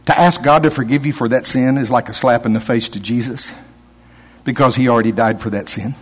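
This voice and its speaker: A man's voice: on the high side, slightly rough. A man preaching a sermon, telling stories with acted-out quotes and chuckles.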